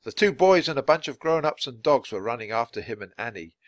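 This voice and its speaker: A man reading a children's storybook aloud in a clear, measured way for learners. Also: mid-range voice, very animated, no echo. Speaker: storybook reader. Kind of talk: children's book read-aloud.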